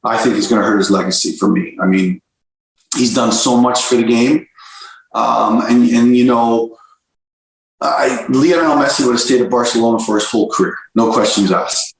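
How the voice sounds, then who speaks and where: In a casual interview, a soccer coach tells stories as an animated speaker, full of restarts and repeated words. His voice is mid-range at a moderate pace, and the room is very echoey.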